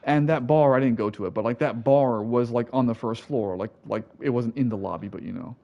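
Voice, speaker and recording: A man's voice: mid-range voice, brisk, creaky, dark tone, dull audio. An American man giving rambling, profane let's-play commentary, correcting himself as he goes. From United States. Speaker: gameplay commentator.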